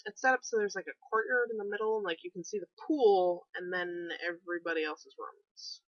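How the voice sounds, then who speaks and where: A woman's voice: on the low side, brisk, no room sound, dull audio. A young woman from New England telling a road trip story in a chatty, sarcastic vlog. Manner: chatty, sarcastic, many fillers.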